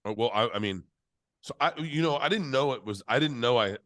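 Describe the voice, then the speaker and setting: A middle-aged man telling stories in a casual interview, animated and profane, acting out the voices of people he quotes. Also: medium pitch, a little fast, dry recording. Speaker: comedian being interviewed.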